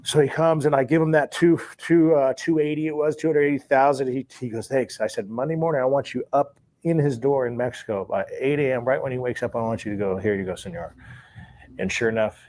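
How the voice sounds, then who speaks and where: At a slightly fast pace and medium pitch, a man who once worked as a sports bookie casually recounts a long story. He voices the remembered dialogue himself, staying relaxed and chuckling between lines.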